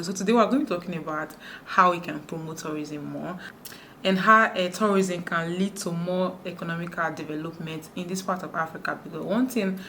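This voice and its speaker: A woman from Nigeria talking fast to camera in a sit-down vlog, with frequent restarts. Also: on the low side, a bit bright, slight background noise. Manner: talks fast, many restarts. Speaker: YouTuber. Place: indoors, sit-down video.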